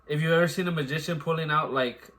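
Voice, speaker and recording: A man's voice: a little high, quick pace, a bit bright. Rambling man in casual chat. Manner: rambling, repeats filler words. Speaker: new father and co-host.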